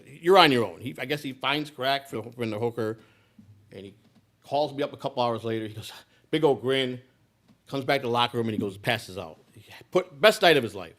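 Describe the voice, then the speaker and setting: An older man in his sixties gives a live speech, telling a personal story in a loose, rambling way. He restarts and repeats himself often, in a middle-pitched voice. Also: a little fast, fairly bright tone. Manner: rambling, with many restarts and repetitions. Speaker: political candidate.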